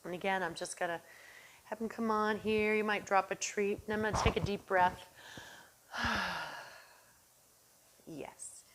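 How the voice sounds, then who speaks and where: A female dog trainer narrates a demonstration in a brisk, calm and encouraging manner. She offers the dog soft, low praise, and every so often calls to him in a high, excited voice.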